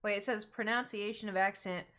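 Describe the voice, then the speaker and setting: A woman's voice: mid-range voice, fairly even intonation, a little fast, bright, forceful tone. Young woman streamer, faint Southern accent, casual and talkative. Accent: slight Southern American. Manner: chatty, self-conscious about her pronunciation. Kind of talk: casual gaming stream chat.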